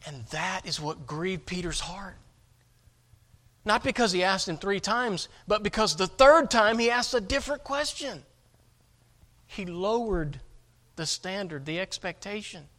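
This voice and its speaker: Guy preaching a sermon, high voice, keeps repeating words, real emphatic. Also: expressive, a little slow, fairly bright tone. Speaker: pastor.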